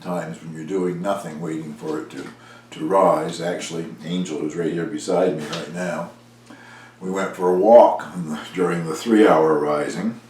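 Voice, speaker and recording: Deep-voiced man rambling in a kitchen. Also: moderate pace. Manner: relaxed and rambling, with fillers. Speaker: home baking vlogger. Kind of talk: casual home cooking talk. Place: home kitchen and dining room. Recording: echoey room with background noise.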